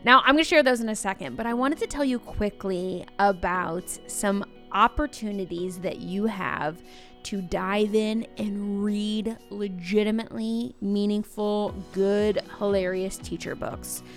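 Chatty woman with a gravelly edge. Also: medium pitch, a little slow, faint music behind. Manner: animated, acts out students' voices in quotes. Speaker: teacher and podcast host. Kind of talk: casual storytelling monologue.

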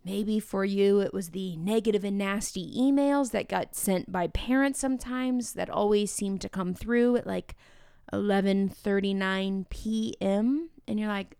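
A woman with a Midwestern American accent hosting a podcast, talking in an energetic, chatty way with playful asides to her listeners. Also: mid-range voice, measured pace, vocal fry, clean tone, no room sound, studio quality. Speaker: podcast host. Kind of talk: upbeat podcast monologue.

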